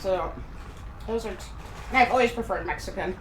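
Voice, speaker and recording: A fairly quick, medium-pitched, slightly bright voice belongs to a middle-aged woman from Kansas who live-streams from home. She chats and rambles casually while eating, in a room with echo and faint background noise.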